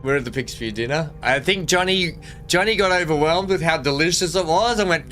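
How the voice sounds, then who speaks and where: A man's voice: on the high side, expressive, brisk, sharp tone, soft background music. An Australian man streaming a game live, chatting with viewers and reading the on-screen text aloud. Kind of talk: casual live gameplay commentary.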